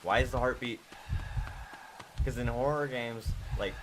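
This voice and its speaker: A man's voice: medium pitch, a little slow, noisy background. A man in his home recording setup giving casual, nervous reaction commentary, chattering to himself. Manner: jittery, nervous chatter with self-talk. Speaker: gaming vlogger.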